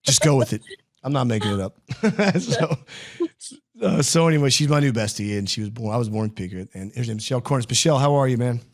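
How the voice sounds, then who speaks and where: A man's voice: medium pitch, lively intonation, fast talker. Male show host, joking and rambling, self-deprecating, mid-range voice. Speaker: podcast host. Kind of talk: casual interview show.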